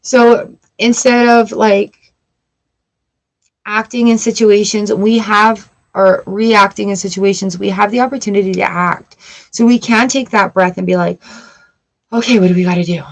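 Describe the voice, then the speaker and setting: A woman reads tarot cards for her viewers in a relaxed, chatty way. She talks straight to the audience and keeps checking in with a quick "right?" Her voice sits at an ordinary middle pitch for a woman. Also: gravelly, low-quality recording. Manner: chatty, addresses viewers directly with frequent "right?". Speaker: tarot reader. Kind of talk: casual tarot reading to camera.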